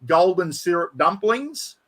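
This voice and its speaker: Male host, casual and rambling, enthusiastic, slightly higher voice. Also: very animated, unhurried. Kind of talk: casual chat.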